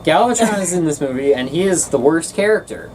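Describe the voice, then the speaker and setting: A woman hosting a casual film review, talking in an animated, ranting way and quick to get loud. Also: sits low, far from the mic, a crowd in the background, low-quality recording.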